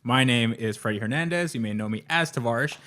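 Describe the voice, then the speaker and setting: A man's voice: medium pitch, fast talker, sharp tone. A young man hosting a casual car podcast, talking in a rambling, jokey way with lots of fillers and restarts. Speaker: podcast host.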